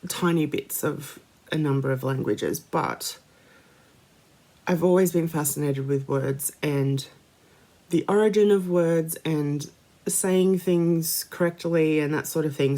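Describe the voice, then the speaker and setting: Low, mellow Australian woman enunciating carefully. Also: slow pace. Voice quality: trained singing voice. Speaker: craft video host. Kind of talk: casual Q&A to camera.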